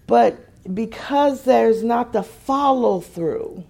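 Slow-speaking woman preacher. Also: a little high, animated, gravelly. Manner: builds from quiet musing to emphatic, rising preaching; repeats phrases for emphasis. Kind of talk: sermon.

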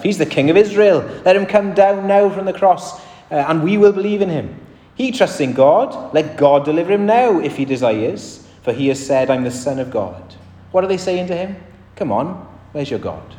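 A man's voice: mid-range voice, darkish tone. A man delivers a sermon in an earnest, conversational manner, lifting and dropping his emphasis as he makes each point. His mid-range voice rings out in a church with a long, roomy reverb. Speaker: preacher. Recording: echoey church hall.

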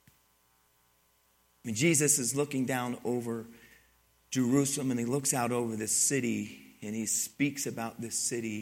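An older man preaching a sermon, telling stories with asides to his congregation and swinging from loud exclamations to hushed, near-whispered moments. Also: medium pitch, vocal fry. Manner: storytelling, conversational asides to the congregation. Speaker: pastor.

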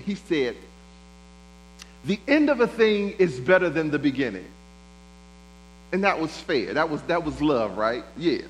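A man's voice: high-pitched, rough recording. A man preaching a sermon, building rhythm through repeated phrases and speaking God's words in quotes. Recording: faint mains hum.

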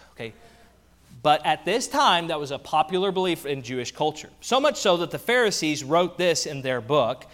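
A pastor delivers a sermon with animated energy, slipping in playful asides. His voice sits high for a man.

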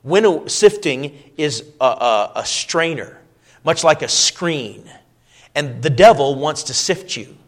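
A man preaching a sermon, asking his listeners questions and dropping to a soft, low voice when he quotes scripture. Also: animated, slow. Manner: swings between loud emphatic lines and soft low quoting; asks the congregation rhetorical questions.

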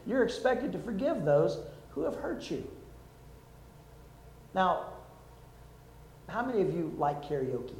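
A man's voice: sits high, reverberant, poor audio. An older man preaching a sermon, telling stories and acting out the people in them. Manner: lively storytelling, acts out quotes. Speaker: preacher, former army chaplain.

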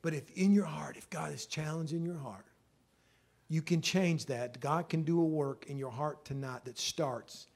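A man's voice: a little high, normal speed, gravelly. Emotional preacher man. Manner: emotional storytelling preaching, swelling loud at climaxes. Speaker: pastor. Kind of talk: sermon.

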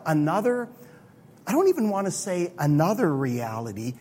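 A man preaching a sermon in a conversational, animated way. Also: high voice, normal speed, husky. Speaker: pastor. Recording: long hall reverb.

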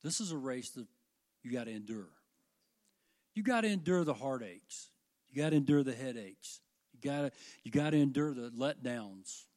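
A man's voice: mid-range voice, lively intonation, normal speed, long pauses, a little mellow. An older man preaching a sermon to his congregation, with fervent delivery that rises and falls. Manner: fervent, rising and falling delivery.

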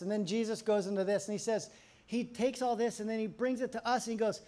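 A man's voice: high-pitched, quick pace. A man preaching from the pulpit, talking to the congregation as if chatting with friends. He tells anecdotes with energy and acts out the lines of the people in them. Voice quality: conversational, animated storyteller acting out quotes. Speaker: pastor. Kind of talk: sermon.

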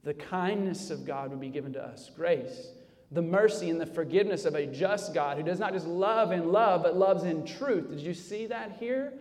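A male pastor preaching a sermon, dropping low and quiet, then rising loud for emphasis. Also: normal speed, in a large hall. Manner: preaching with sharp swings between soft low passages and loud raised emphasis. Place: church sanctuary.

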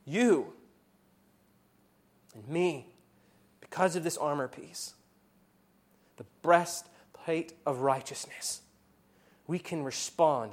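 A male pastor preaching an earnest sermon, his voice rising loud in accusing passages and dropping low and soft in reflective ones. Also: takes it slowly, long pauses.

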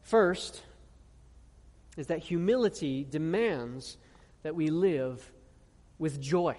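Guy preaching, kinda high voice, long echo like a big church, slow emphatic bits and lots of "right?". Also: expressive, a little mellow. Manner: earnest preaching with rhetorical questions and slow emphatic scripture reading. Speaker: pastor. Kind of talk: sermon. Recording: long reverb of a large hall.

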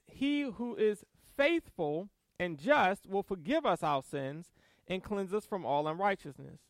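A man preaches with a high, lively voice that swings up and down as he reads verses and presses each point home. He breaks into quick asides and soft laughs. The sound is dry and close, with no room echo. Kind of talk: sermon. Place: church service.

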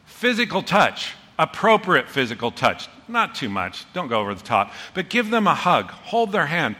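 Excitable pastor in a reverberant hall. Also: male voice, on the high side. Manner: animated, excitable, fast bursts then slowing down. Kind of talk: sermon.

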